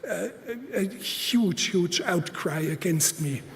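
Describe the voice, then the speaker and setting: A man giving a public lecture at a conference, speaking deliberately and emphatically with many halting pauses. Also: high-pitched, vocal fry. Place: large conference hall. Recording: reverberant hall.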